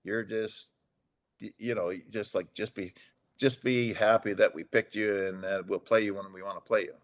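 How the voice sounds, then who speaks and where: Lowish-voiced older man telling rambling stories. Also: fairly even intonation, moderate pace. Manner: rambling anecdotes, acts out quoted dialogue, chuckles often. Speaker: podcast guest, former hockey player. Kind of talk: casual storytelling chat.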